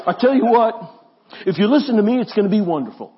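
A man's voice: high-pitched, animated, fast talker, a faint crowd, pitched above the performer's own voice. A man doing an impression of a boastful male politician who repeats himself, in a dull lo-fi recording. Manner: bragging, repetitive.

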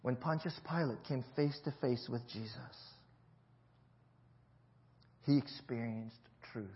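A man preaching a sermon as pastor, telling a Bible story with loud emphatic peaks and quiet low passages. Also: lo-fi sound.

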